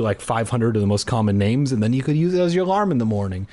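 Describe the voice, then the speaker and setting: A man hosting a podcast, reading a children's horror book aloud in an animated way and breaking off into crude throwaway jokes. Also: mid-range voice, quick pace. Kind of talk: comedic read-aloud with jokey asides.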